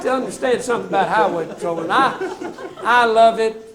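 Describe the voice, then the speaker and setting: A man's voice: high-pitched, a little fast, a loud crowd, heavy background noise. Folksy man spinning stories. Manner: folksy, self-mocking, addresses audience as folks. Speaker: comedian telling trooper stories. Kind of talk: stand-up storytelling.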